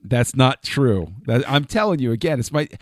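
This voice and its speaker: A man's voice: medium pitch, expressive, normal speed, no echo, studio quality. A man on a podcast chatting casually, enthusiastic and chuckling often, trailing off and restarting his thoughts. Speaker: podcast co-host.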